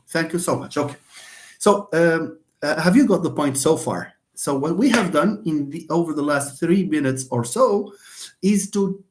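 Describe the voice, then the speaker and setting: Lively-pitched man lecturing on phonetics. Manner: repeats points, asks and answers own questions; addresses viewers as friends, greets them by name. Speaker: linguistics lecturer. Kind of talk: live online lecture.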